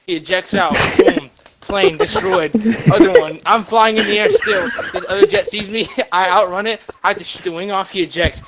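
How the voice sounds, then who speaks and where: A young man retelling a movie plot as a rambling comic story, excited and short of breath, with sudden loud bursts. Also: high-pitched, normal speed, creaky, over a noisy crowd, poor audio.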